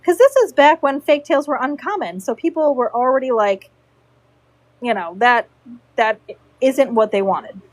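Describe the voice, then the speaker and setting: A woman's voice: sits high, animated, unhurried, no room sound, low-quality recording. A middle-aged woman telling a story in a casual chat, a horse show groom who acts out the people she quotes. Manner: chatty, acts out quoted voices.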